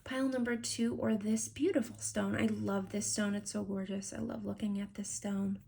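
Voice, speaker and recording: A woman's voice: mid-range voice, steady tone, normal speed, creaky, dark tone. A woman giving a tarot card reading to camera, talking in a gushing, affectionate way.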